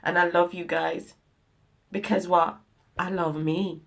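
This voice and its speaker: A woman vlogger and mother talks to her viewers in an emotional, motivational pep talk. Her voice is gravelly with plenty of fry, and she stresses points by repeating them. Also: fairly low pitch, flat delivery, slow. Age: adult mother. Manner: heartfelt and emphatic, repeating phrases. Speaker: vlogger and herbal products maker.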